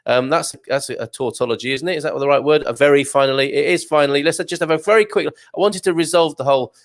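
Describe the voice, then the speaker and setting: A man's voice: on the high side, fast talker. A man hosting a live morning show, reading out viewer comments in a chatty, jokey way, full of fillers and laughs. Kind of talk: casual live chat.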